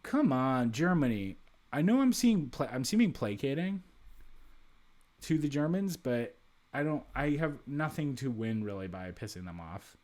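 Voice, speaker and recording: A man's voice: mid-range voice, big pitch swings, a little slow, darkish tone. A man giving casual let's-play commentary while playing a strategy game, thinking aloud with frequent restarts and asides.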